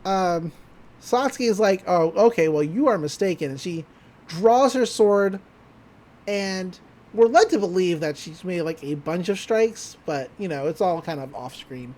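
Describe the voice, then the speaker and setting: A woman's voice: on the low side, animated, unhurried, darkish tone. A woman co-hosting a podcast, casually retelling an anime episode in a loose, chatty way and laughing often. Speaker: podcast co-host.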